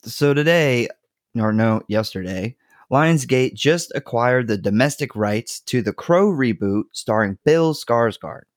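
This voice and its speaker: A man hosting a podcast, talking slowly and jokily with a lively, swooping pitch. His voice is close and dry on a podcast microphone. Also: dry recording. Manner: laid-back, jokey, prone to giggling. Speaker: podcast host. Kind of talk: casual chat. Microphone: studio podcast mic.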